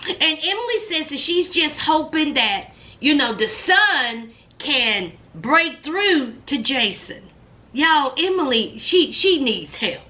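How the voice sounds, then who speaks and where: Lively high-voiced woman commentator. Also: slow. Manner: animated, dramatic storytelling with frequent laughter. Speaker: reality show commentator. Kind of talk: casual recap commentary.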